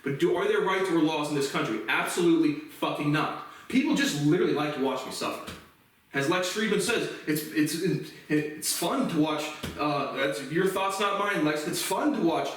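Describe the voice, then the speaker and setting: A man delivering an angry, profane vlog rant that bursts into shouting. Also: fairly high pitch, moderate pace, far from the mic. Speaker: vlogger. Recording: very echoey room, voice off-mic.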